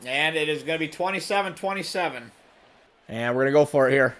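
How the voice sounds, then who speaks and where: A man talking through his own game session as he plays, calling each move in a running play-by-play. His voice sits a little high, and he bursts into loud excitement when plays go wrong. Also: fast. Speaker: gaming channel host. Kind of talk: let's play commentary.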